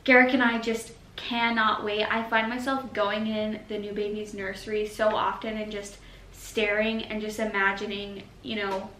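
A woman's voice: mid-range voice, level tone, moderate pace, pushed and bright. A young pregnant woman chatting emotionally in a casual update vlog, short of breath and uncomfortable. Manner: chatty and emotional, says y'all. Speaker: vlogger. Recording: echoey room with faint noise.

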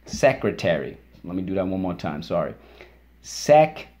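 Patient and encouraging, a man leads a phonics and vocabulary lesson, getting listeners to repeat words and chanting syllables in a raised voice. He talks fairly quickly over a noisy background.

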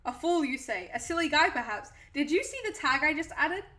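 Bright, high-voiced playful woman streamer. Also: expressive, fairly quick. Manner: playful, chatty, reads chat aloud and answers it. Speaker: live streamer. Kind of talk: casual live-stream chat.

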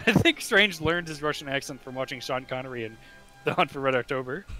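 Bright joking man hosting a game stream. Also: medium pitch, lively intonation, fast talker, faint music behind, rough recording. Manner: joking, giggly. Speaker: livestream host and player. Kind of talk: casual gaming chat.

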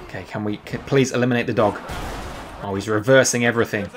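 A man streaming live gameplay, reacting with excited, jokey commentary. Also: on the low side, quick pace, background noise. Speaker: game streamer.

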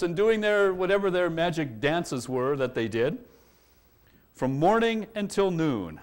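A man preaching from the pulpit, walking through scripture verse by verse. His voice sits fairly high and swings widely in pitch. He rises sharply when he acts out the quoted lines. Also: a little slow. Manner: expository preaching, animated when quoting scripture. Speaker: pastor. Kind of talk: sermon.

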